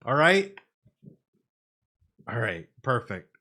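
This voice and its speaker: A man giving casual reaction commentary to an animated show on a live stream, talking straight to his chat and often repeating phrases. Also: mid-range voice, slow, slight background noise. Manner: chatty, repeats phrases, addresses chat directly; thinks in Spanish at times.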